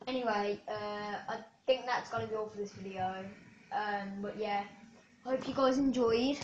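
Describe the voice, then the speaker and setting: Excitable woman, roomy and distant. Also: medium pitch, a little slow, slight background noise. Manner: chatty and excitable, with sudden cheers and yelps. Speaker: gaming video creator. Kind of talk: live gameplay commentary. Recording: roomy, distant, dull lo-fi sound.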